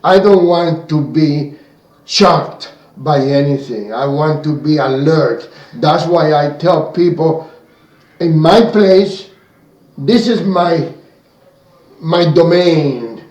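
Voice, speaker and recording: A man from Cuba with a Cuban accent, co-hosting a radio talk show in animated, broken English. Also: on the high side, slow, reverberant, recorded from a distance, low-quality recording. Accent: Cuban Spanish.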